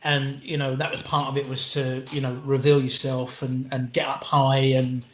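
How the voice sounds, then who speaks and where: A middle-aged English man, a comedian guest, telling anecdotes in an animated, casual way with frequent restarts and the odd swear word. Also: mid-range voice, normal speed. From England. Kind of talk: anecdotal storytelling in an interview. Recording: roomy echo.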